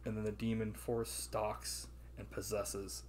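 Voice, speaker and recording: Swearing a lot and laughing freely, this man co-hosts a casual podcast movie review, loosely chatting and performing movie lines. He speaks a little slowly in a lowish, level, slightly mellow voice, with a little hiss or hum present.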